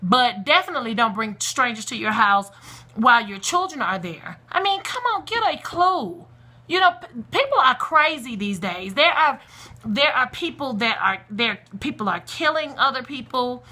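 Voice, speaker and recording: A woman speaking straight to camera in a casual video blog, handing out stern parenting advice. Her voice sits a little high, with a bright, forceful edge. She talks in an emphatic, preachy way, full of blunt vernacular asides. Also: lively intonation, moderate pace. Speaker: parenting blogger.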